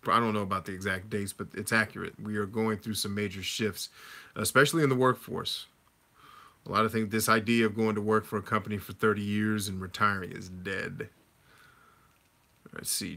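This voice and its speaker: Bright-voiced man chatting on a livestream. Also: fairly low pitch, creaky. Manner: conversational, reads chat comments aloud and answers. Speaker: livestream host answering chat. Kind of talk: casual livestream chat.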